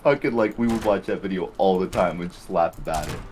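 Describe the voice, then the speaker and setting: Low-voiced young man chatting while gaming. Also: fast, a little mellow, a little hiss or hum. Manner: rambling, laughs often. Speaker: co-host, gamer. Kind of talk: casual gaming chat.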